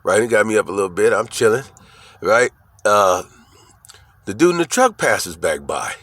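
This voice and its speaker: Animated, profane man telling a story. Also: fairly low pitch, moderate pace, long pauses, no room sound. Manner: animated, profane, repeats "right?" and "you know what I'm saying?". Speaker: vlogger. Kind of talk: casual storytelling to camera.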